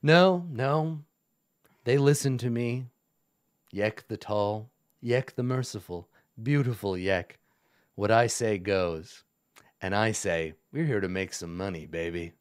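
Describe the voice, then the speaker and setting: A vain, gangly king of goblins with a resonant baritone voice pitched low and a lazy, smug drawl, as a man plays him at the table. The sound is dry and close. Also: slow pace, clean tone, no room sound.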